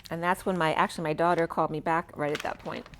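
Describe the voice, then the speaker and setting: A middle-aged woman with a slightly low voice gives a spiritual tarot reading, speaking fast with fairly even intonation. She wanders from card to card, pulling words apart through free-associating wordplay. There's a little hiss or hum in the background.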